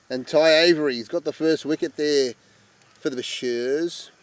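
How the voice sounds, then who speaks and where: A man's voice: fairly high pitch, a little slow, pauses often, dry recording. Man calling amateur cricket. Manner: chatty, bursts into loud excitement at wickets. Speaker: cricket commentator. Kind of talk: live amateur sport commentary.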